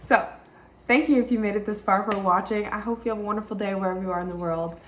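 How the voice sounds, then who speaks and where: A woman's voice: medium pitch, fairly even intonation, quick pace, roomy sound, a little hiss or hum. A young woman with a Southern American accent, talking candidly in a rambling, frank vlog style and swearing freely. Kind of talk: candid personal vlog talk. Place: rented home room with white walls.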